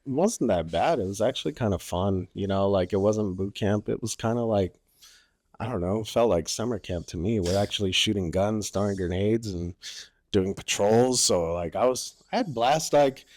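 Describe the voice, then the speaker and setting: Profane, rambling ex-Marine storyteller. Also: male voice, lowish voice, normal speed, darkish tone, dry recording, studio quality. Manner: loose, profane, heavy use of "like". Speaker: podcast guest, former Marine. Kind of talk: casual storytelling.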